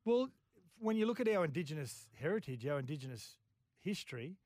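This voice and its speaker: A man in a mid-range voice co-hosts a sports radio show. He tells yarns and reads listener texts in an easygoing, relaxed way. The studio sound is close and dry. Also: on the high side, a little fast, no echo. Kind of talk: casual radio talk show banter. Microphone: studio microphone.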